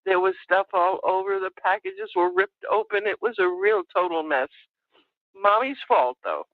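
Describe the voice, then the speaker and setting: A woman's voice: big pitch swings, moderate pace, no echo. Older woman calling in over a tinny phone line. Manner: earnest storyteller, quoting her child in a higher voice. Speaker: caller. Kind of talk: telling a personal story on a radio call-in. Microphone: telephone.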